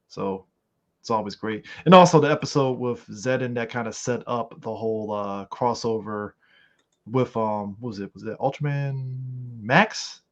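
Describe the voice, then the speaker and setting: A man co-hosting a podcast in casual chat, animated and profane, rambling with lots of fillers. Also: medium pitch. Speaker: podcast co-host. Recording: slightly muffled lo-fi audio.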